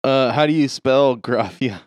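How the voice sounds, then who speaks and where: A man co-hosting a podcast, answering quiz questions in casual chat, excitable and swearing freely. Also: mid-range voice, a little slow, dry recording. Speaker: podcast co-host, quiz contestant.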